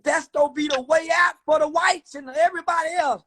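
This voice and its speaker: A man hosting a livestream, talking loud and profane, swinging between preaching and joking. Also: very high-pitched, fairly even intonation, a little fast. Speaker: livestream host. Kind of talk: casual livestream rant.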